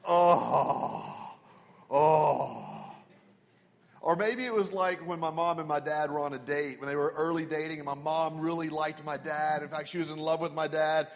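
A man preaching a sermon with a fairly high voice, telling stories and dropping to a hushed tone when he quotes someone. His voice rings with the long reverb of a large church hall. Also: fairly even intonation, a little fast, few pauses. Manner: storytelling, drops to a hushed voice for quoted words. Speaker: pastor.

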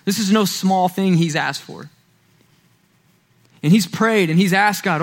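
High-voiced man preaching conversationally. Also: measured pace, long pauses. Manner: conversational, animated, walks while preaching. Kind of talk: sermon.

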